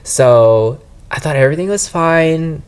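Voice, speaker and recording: A man's voice: fairly high pitch, measured pace, smooth. A young man, a podcast guest, casually and animatedly retelling a personal story. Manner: animated, lively retelling, often says "I was like".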